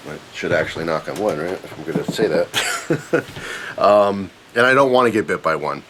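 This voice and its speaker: A man casually telling a personal story on his channel, animated and self-mocking, rambling with fillers. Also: lowish voice. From Pennsylvania, USA.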